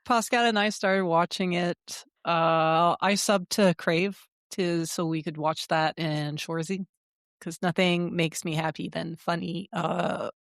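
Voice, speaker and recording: A woman with a slightly low voice co-hosts a gaming podcast, chatting casually. She is blunt and swears freely, telling stories with animation. Her voice sounds dry and close to the microphone. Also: steady tone, measured pace, creaky, no room sound. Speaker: podcast co-host. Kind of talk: casual chat.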